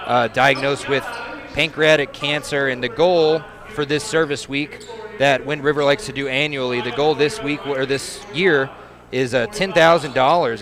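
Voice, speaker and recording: A man doing casual halftime commentary at a high school basketball game, chatty and easygoing with frequent pauses. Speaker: play-by-play announcer. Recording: noisy gym crowd behind. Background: crowd chatter.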